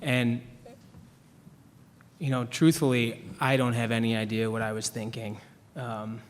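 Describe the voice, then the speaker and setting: Young male panelist, mid pitch, loose self-mocking storyteller, reverberant hall. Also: flat delivery, a little slow, slight background noise. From Chicago, US. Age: young adult. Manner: rambling, self-deprecating, restarts often, laughs at himself. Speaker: writer on a panel. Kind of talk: anecdotal storytelling. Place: event hall with an audience.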